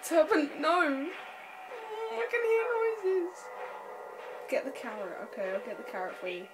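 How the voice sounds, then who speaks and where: A young woman speaks at normal speed over music, her high voice swinging widely in pitch. She chats casually through a horror game with friends, jumpy and scared, with screams and nervous laughter, in a noisy home recording.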